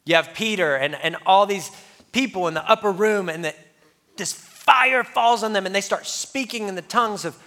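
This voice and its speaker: A pastor, a man, telling a lively personal story in his sermon and laughing at himself, before reading scripture. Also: high-pitched, normal speed. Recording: long hall reverb.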